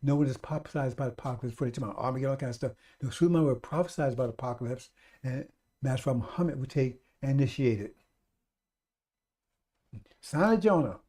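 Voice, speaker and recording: Talking fast in a medium-pitched voice, a radio preacher repeats himself fervently like a street preacher. He calls his audience brothers and sisters and works up to loud exhortations.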